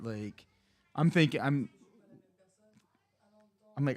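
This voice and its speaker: On a podcast, a guest in his thirties tells a story in loose, casual chat, speaking a little slowly with long pauses. His pitch sits in an ordinary middle range as he rambles, swears freely and keeps restarting sentences with many fillers.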